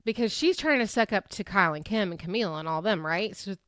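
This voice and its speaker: Recapping a reality show on her podcast, a woman talks quickly and casually in a medium-pitched voice. She's animated, laughs a lot and performs quotes in altered voices, and the studio-quality audio has no echo.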